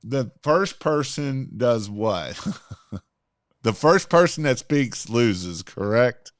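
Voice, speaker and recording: A man hosting a podcast, coaching on sales in an energetic, emphatic way and repeating his points. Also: medium pitch, takes it slowly. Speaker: podcast host. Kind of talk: casual sales coaching chat.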